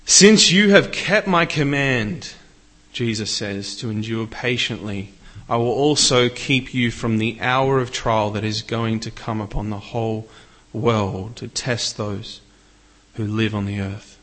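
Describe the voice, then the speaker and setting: A man's voice: on the low side, steady tone, a little slow, fairly bright tone. A man preaching a sermon in an earnest way, lifting his voice when he reads scripture. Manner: earnest, rises for scripture readings.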